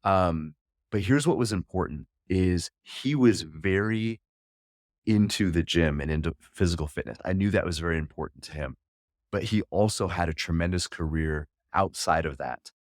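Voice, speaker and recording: Man, forties, very low voice, earnest, candid, podcast guest, dry sound. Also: normal speed, no echo. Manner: earnest and candid, with frequent restarts. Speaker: podcast guest, wealth management coach. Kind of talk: candid personal storytelling.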